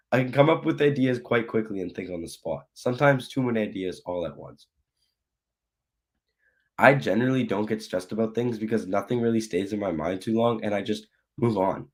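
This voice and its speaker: A young man, a student, reciting a prepared personal speech in a steady, scripted way with touches of humor. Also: on the low side.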